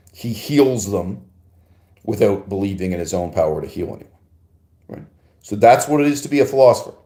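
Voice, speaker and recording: A man with a low, mellow voice delivers a rambling philosophical monologue as a podcast host, answering a listener's email. He punctuates his points with laughs and a rhetorical "right?", and his voice rings in an echoey room. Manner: digressive and emphatic, with frequent laughs and rhetorical "right?".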